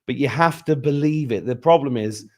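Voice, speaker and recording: Male host, mid-pitched, lively storytelling over a video call. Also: normal speed. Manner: animated storyteller, acts out quoted voices. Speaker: podcast host. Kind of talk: casual interview chat. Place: home in Ireland.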